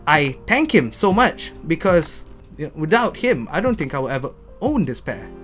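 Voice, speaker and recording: A man's voice: on the high side, sing-song, moderate pace, a bit bright, faint music behind. A young man, telling heartfelt, rambling stories about his sneaker collection and often stumbling and restarting. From Malaysia. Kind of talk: heartfelt rambling storytelling to camera.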